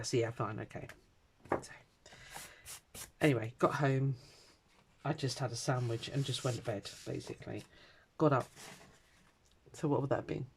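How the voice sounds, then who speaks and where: A woman's voice: a bass voice, moderate pace, long pauses, a little hiss or hum. A middle-aged woman, rambling through a personal story in casual chat, acting out the voices of the people in it. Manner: rambling anecdotal storytelling, animated quoting. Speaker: crafting vlogger.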